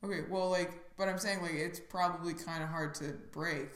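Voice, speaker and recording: A woman's voice: lowish voice, steady tone, moderate pace. Chatty woman in an echoey room. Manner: chatty, lots of likes, laughs easily. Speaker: podcast co-host. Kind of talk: casual comedic chat.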